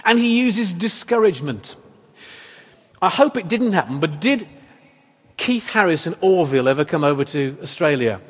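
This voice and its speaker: A man's voice: a little high, animated, normal speed, slightly rough. A man preaching a sermon as pastor, in a conversational, wry style full of rhetorical questions. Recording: echoey hall reverb.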